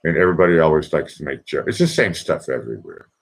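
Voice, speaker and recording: A man with a Boston accent hosts his own livestream and chats in a loose, meandering way, cracking jokes and trailing off into "uh"s. His voice sits very low. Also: animated, quick pace, vocal fry. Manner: chatty, joking, meandering with many fillers. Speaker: livestream host. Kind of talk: casual rambling monologue. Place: indoors in Vienna.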